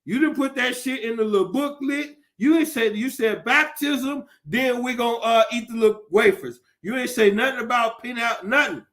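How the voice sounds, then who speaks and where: A male podcast host in a profane, animated comedic rant, often laughing as he talks. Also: very high-pitched, normal speed, hardly any pauses.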